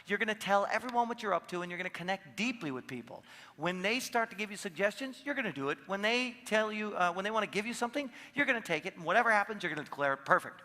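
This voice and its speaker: A man with a high, bright voice speaking to an audience in a large hall. He tells his stories with animation, acting out each person's lines. The long reverb of the room trails after his words. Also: lively intonation, fast talker. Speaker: seminar speaker. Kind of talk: live seminar talk.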